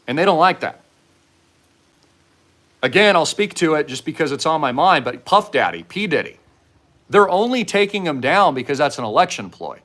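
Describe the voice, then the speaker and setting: A man's voice: fairly high pitch, a bit bright. A man hosting a commentary monologue, speaking in a fervent, preachy, raised voice. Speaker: host.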